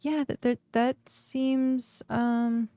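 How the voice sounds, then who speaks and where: A woman's voice: fairly high pitch, level tone, drawn-out words, warm tone, smooth, no echo, soft background music. A woman casually chatting on a game live stream, reading chat questions aloud, with lots of fillers. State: hiccuping.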